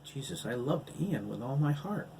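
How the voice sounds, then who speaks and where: A man's voice: mid-range voice, expressive, normal speed, warm tone, slight background noise, voice pushed up, natural voice. A man reading the part of a wry, anxious woman in an audiobook.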